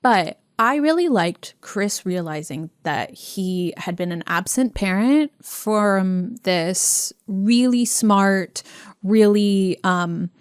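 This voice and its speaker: A young woman co-hosts a podcast in a loose, chatty way, full of "like" and quick laughs. Her voice sits in a middle range, recorded close and dry with no room sound. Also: mid-range voice, smooth, dry recording. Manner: chatty, laughs often, many fillers. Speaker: podcast co-host. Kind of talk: casual chat.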